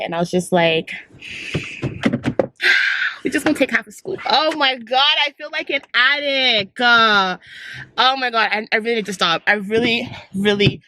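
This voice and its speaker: A young woman talks straight to her viewers in a loose, chatty vlog style. She is expressive and turns small annoyances into dramatic complaints. Her voice sits at an ordinary middle pitch, with a faint hiss in the background. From Canada. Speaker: fitness vlogger. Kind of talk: casual vlog chat.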